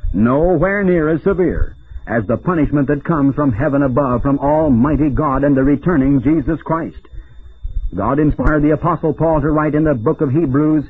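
A man preaching a broadcast sermon in an emphatic, declamatory way. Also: breathy edge. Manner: emphatic, declamatory, with sweeping pitch swings. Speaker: radio preacher. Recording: tinny lo-fi radio broadcast.

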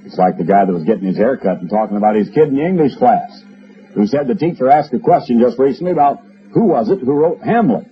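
A man's voice: medium pitch, animated, quick pace, a little hiss or hum. Wry, storytelling male radio preacher. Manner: emphatic, storytelling, wry asides. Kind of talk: broadcast sermon. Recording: dull lo-fi radio recording.

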